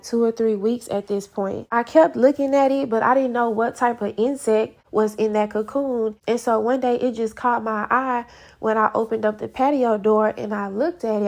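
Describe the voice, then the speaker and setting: A woman speaking in a slightly high voice, chatting casually as she shares a faith story. She tells it with animation and acts out her own prayers as she goes. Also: darkish tone. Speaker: faith vlogger. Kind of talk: casual testimony.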